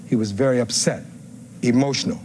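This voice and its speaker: A man's voice: medium pitch, fairly quick, darkish tone, slight background noise. Man arguing a courtroom closing. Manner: rhetorical questions, reads testimony aloud. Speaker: defense attorney.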